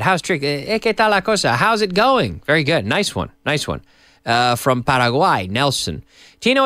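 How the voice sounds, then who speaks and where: A man hosts an English lesson on a live stream, chatting loosely and reading out viewer messages. His pitch sits a little high and swings up and down a lot. The sound is dry and close, with no room around it. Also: pushed and bright, no room sound. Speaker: English teacher and host. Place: TV studio.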